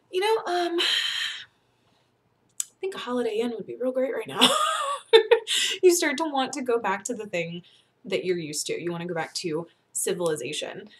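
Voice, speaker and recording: A young woman from North Carolina giving casual advice to the camera, chatty and animated, laughing often and acting out what people think. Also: medium pitch. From North Carolina, USA. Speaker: vlogger.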